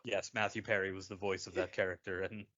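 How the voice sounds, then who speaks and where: A man co-hosting a casual comedy podcast, dropping dry wisecracks in a drawn-out way. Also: low voice, little pitch movement, a bit bright, highs cut off. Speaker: podcast co-host.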